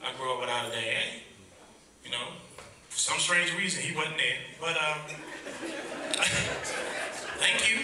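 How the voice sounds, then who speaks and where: Animated man doing stand-up in an echoey hall. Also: fairly high pitch, a little slow, long pauses. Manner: animated, acts out characters in exaggerated voices, talks to the crowd. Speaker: stand-up comedian. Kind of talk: stand-up comedy set. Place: large event hall with a live audience. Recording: echoey hall, distant mic, loud crowd laughter and noise. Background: audience laughter.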